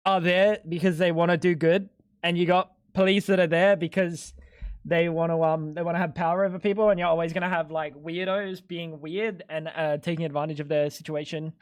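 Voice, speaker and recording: High-voiced man streaming. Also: steady tone, normal speed, clear, resonant tone, dry recording, studio quality. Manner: rambling and sweary, full of "like". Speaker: live streamer. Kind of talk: casual chat while gaming.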